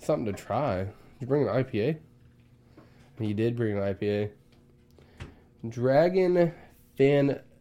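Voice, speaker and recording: Excitable, crude young man with a mellow voice. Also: fairly low pitch, brisk, pauses often. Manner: loud, excitable, laughs often, swears. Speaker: podcast host. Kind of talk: casual crude banter.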